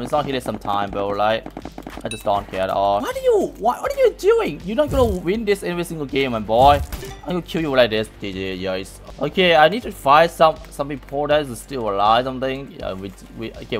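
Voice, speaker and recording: Excitable young man taunting in a game. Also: medium pitch. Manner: excitable, taunting opponents, non-native English. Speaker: gaming YouTuber. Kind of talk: live gameplay commentary.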